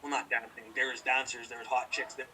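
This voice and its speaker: Fast-talking man telling a heated story. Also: mid-range voice, level tone, bright, forceful tone, distant mic, a little hiss or hum, rough recording. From British Columbia, Canada. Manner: profane, rambling, heated. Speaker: podcast co-host. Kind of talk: casual storytelling chat.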